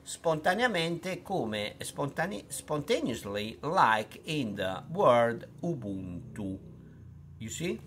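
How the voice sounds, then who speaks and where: A middle-aged man with an Italian accent, a language tutor who teaches pronunciation in a slow, unhurried way full of fillers and restarts. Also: mid-range voice, sing-song, a bit bright, a little hiss or hum.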